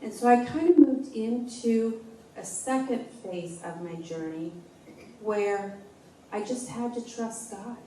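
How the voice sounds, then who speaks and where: A woman in her forties gives a personal testimony in an unhurried, heartfelt way, often stopping to restart a thought. Her voice is mellow and warm. She is picked up from some distance in an echoey church room, with faint room noise behind her. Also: a little high, expressive. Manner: halting, heartfelt, with frequent restarts. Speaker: speaker sharing a personal testimony.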